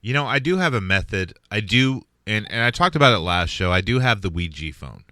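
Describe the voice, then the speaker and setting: A man hosting a comedy podcast, talking in an animated, profane way and laughing often. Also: lowish voice, a little fast, no echo. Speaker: podcast host. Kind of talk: casual comedy podcast chat.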